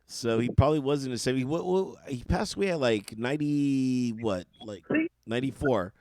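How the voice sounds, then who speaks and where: A man telling a story in casual podcast chat, animated and swearing freely. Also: mid-range voice, fairly quick, dry recording. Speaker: podcast co-host.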